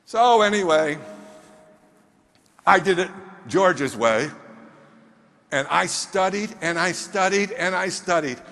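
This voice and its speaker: A man giving an animated motivational speech from a stage, emphatic and firing questions at the audience. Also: high-pitched, takes it slowly, long pauses. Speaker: motivational speaker. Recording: long hall reverb on stage.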